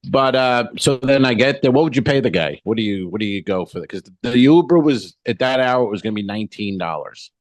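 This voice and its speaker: A man's voice: medium pitch, animated, fairly quick, few pauses, no room sound. A middle-aged man co-hosting a comedy podcast, casually telling a profane story and acting out both sides of the dialogue. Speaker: podcast co-host.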